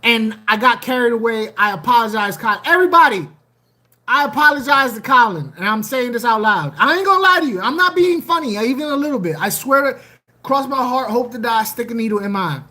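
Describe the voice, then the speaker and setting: Livestream host, casual chat, bright tone, animated, playful, repeats lines. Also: medium pitch, brisk. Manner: animated, joking, repeats phrases. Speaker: aquarium channel host.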